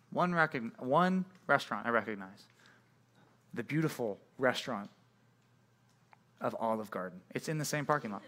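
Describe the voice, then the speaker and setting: Bright-voiced young man telling a story. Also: medium pitch. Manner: rambling, animated storytelling with many fillers. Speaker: youth pastor. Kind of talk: casual youth sermon with storytelling.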